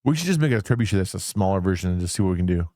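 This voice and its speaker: A man's voice: sits low, expressive, rapid-fire, mellow, dry recording, clean studio sound. A man co-hosting a podcast in casual chat, rambling, swearing freely and trailing off mid-thought. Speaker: podcast co-host.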